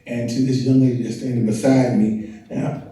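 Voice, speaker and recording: An older man gives a chatty, self-deprecating talk to an audience, joking with the crowd as he goes. His voice is mellow and dark, and the sound rings through a big echoey hall, picked up from a distance. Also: mid-range voice, flat delivery, normal speed. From North Carolina and Washington, D.C. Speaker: guest speaker, family historian. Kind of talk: casual speech to an audience. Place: large event hall.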